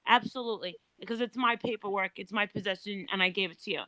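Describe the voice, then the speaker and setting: A woman's voice: medium pitch, fast, pushed and bright, dry recording, poor audio. A woman on a remote call, telling a personal story as a panel guest in a candid, chatty way with some swearing.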